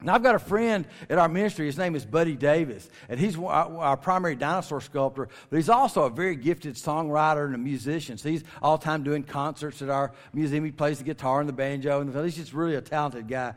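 Fairly high-pitched and fairly quick, this creation ministry speaker rarely pauses. His folksy talk to families is full of jokes and drawn-out words for emphasis, echoing with the long reverb of a big hall.

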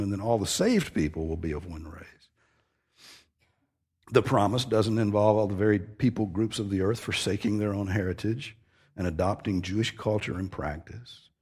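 A man's voice: lowish voice, a little mellow, breathy edge. A man preaching an expository sermon, earnest and emphatic, stressing key phrases as he teaches.

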